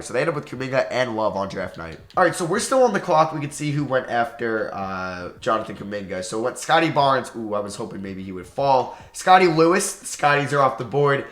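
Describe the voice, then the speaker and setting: Excitable New York man in a roomy echo. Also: mid-range voice. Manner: chatty, excitable, self-deprecating, thinks aloud. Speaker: gaming YouTuber. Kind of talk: casual gameplay commentary.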